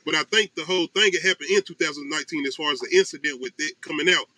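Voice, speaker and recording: A man with a high, bright voice talks quickly in relaxed podcast banter. He is animated and rambles with fillers. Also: poor audio. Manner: animated, talks fast and loose with lots of fillers. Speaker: podcast host. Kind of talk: casual chat.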